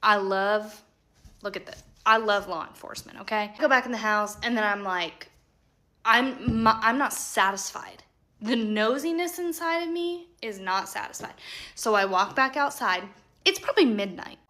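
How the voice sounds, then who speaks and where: A young woman telling a story in a chatty, animated way, acting out the people and imitating sounds. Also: medium pitch, normal speed. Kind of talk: casual storytime monologue.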